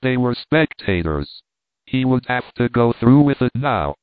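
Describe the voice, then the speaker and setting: A man narrating a novel in a measured, plain storytelling manner. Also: medium pitch, very animated, smooth, no room sound. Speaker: audiobook narrator. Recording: dry, tinny phone-like sound.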